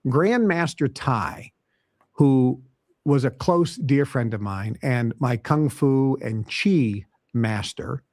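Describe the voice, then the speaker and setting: A man's voice: medium pitch, darkish tone, dry recording, studio quality. A man hosting a self-help podcast who gives motivational advice in an emphatic way, listing points and repeating them. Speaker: podcast host.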